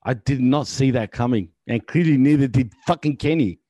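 A man's voice: mid-range voice, normal speed, dark tone, no room sound. A man co-hosting a casual wrestling chat, ranting and swearing in exasperation. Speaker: podcast co-host.

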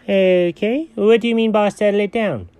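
A performer playing an excitable, chatty male buddy in an improvised audio story, talking in a playful, swooping way. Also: mid-range voice, normal speed, smooth, dry recording, natural voice.

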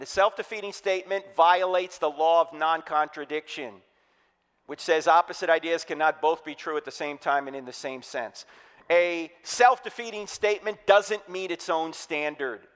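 A man from New Jersey preaching a humorous apologetics sermon, energetic and quizzing his audience. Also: high-pitched, smooth. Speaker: Christian speaker. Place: church hall. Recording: reverberant hall.

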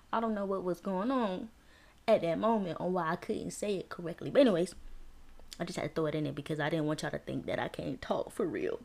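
A woman hosting her own podcast in a casual, playful manner, teasing herself, stretching words out and laughing often. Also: medium pitch. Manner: animated, rhyming and drawn-out words. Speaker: podcast host. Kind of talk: casual solo podcast talk.

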